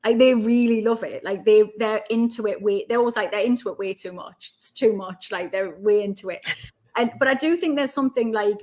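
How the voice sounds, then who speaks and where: A woman's voice: medium pitch, a little fast. Chatty Geordie woman. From Newcastle, England. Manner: chatty, animated storytelling. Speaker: guest. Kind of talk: casual chat.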